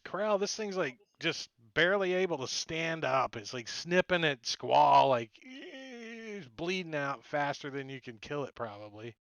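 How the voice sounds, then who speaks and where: A man narrating a tabletop game as game master, his voice sitting a touch high. He talks loosely, laughs often, throws in sound effects and swears casually. The mic is close and dry. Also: expressive, measured pace, gravelly, hardly any pauses, fairly bright tone, no echo, lo-fi sound. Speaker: dungeon master.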